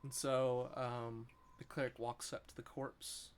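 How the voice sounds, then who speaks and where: A man's voice: medium pitch, little pitch movement, a little slow, smooth. A man narrating as game master, describing the scene with frequent ums.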